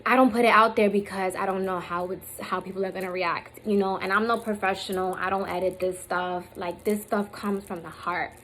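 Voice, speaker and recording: A woman's voice: medium pitch, fairly even intonation, fairly quick, few pauses, fairly bright tone, poor audio. A woman in her thirties vlogging to camera in a candid, rambling way, with a lot of fillers, at times close to tears. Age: 30s. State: emotional, near tears at times. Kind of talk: casual heartfelt talk to camera. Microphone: phone or camera on self.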